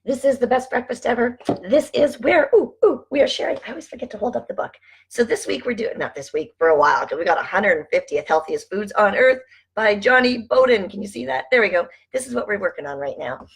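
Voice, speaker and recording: A woman's voice: fairly high pitch, expressive, a little fast, vocal fry, slightly rough. A woman vlogger chatting casually to her viewers, reading aloud from a food book and asking "right?" over and over.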